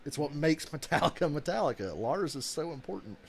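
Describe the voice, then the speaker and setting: A man's voice: on the high side, a little fast, creaky. Profane, laughing man telling fan stories. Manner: profane, animated storyteller who laughs a lot. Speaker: host reacting to a live football game. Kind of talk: casual chat with a friend.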